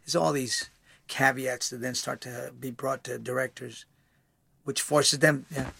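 A man guest in a casual conversation, talking in an animated way with many repeated words and restarts. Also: medium pitch, a little slow, gravelly, slightly rough, no room sound.

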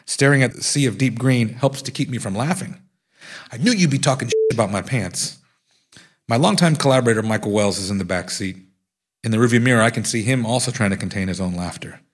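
A man reading aloud from his own book, telling a story in a wry, steady way. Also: mid-range voice, fast talker. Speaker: author.

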